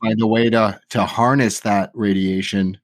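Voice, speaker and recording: A man's voice: fairly low pitch, fairly even intonation, normal speed, no echo, clean studio sound. A man in his forties playing a tabletop game, hesitant and questioning. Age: 40s. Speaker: player. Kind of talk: tabletop role-play.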